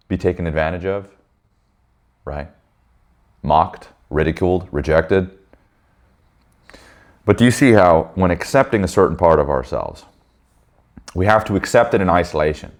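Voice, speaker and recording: A man's voice: low voice, normal speed, pauses often. A man leading a men's group in a casual motivational talk, blunt and emphatic, swearing freely and checking in with listeners. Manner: addresses listeners with frequent "right?" tags.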